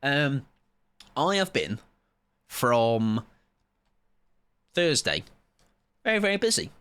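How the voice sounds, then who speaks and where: A man's voice: medium pitch, sing-song, takes it slowly, a bit bright, clear, resonant tone, dry recording. A tired young man rambling playfully and mocking himself while he comments on a game he is playing live. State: tired, sleep-deprived. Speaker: streamer.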